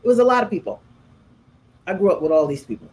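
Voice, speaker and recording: A middle-aged woman, hosting a casual chat and telling stories with lively, acted-out quotes. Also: fast talker, low-quality recording. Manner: animated, acts out quotes with big pitch jumps. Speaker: host.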